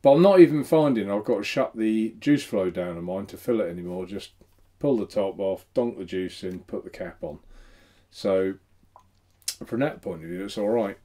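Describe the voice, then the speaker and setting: A man's voice: on the low side, normal speed, mellow. A man hosting a casual live stream, chatty and self-mocking, laughing often. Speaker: host.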